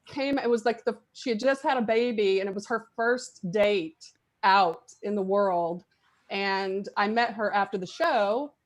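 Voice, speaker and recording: A middle-aged woman guest on a podcast, telling a lively story with frequent laughs. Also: mid-range voice. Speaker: guest actress. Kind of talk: podcast interview chat.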